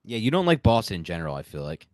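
Animated opinionated male sports host. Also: lowish voice, racing, dry recording. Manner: animated, opinionated, laughs mid-sentence. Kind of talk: casual sports talk.

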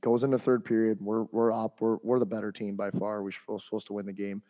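A man's voice: on the low side, little pitch movement, fast talker, warm tone, dull audio. A man co-hosting a hockey podcast, telling a heated coaching story in casual chat with lots of fillers and restarts.

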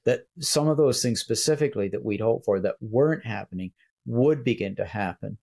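An older man, reflecting on faith in a casual conversation as host, often pausing and restarting. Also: medium pitch, animated, gravelly, warm tone. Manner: reflective storyteller, hesitant with many restarts. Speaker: church leader and podcast host.

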